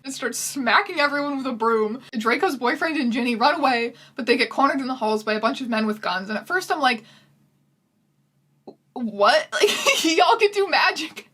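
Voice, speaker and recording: A woman riffs through a movie recap in sarcastic, incredulous commentary. Her voice sits bright and slightly husky, a bit higher than most, close to the mic. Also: expressive, brisk, hardly any pauses. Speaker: video host. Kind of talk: comedic commentary.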